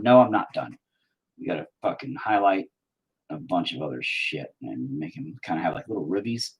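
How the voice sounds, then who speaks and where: A man's voice: deep voice, very animated, normal speed, long pauses, husky, low-quality recording. A man talking casually to his viewers while he paints, cursing constantly and mocking himself as he rants. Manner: profane, ranting, self-mocking. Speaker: painting vlogger.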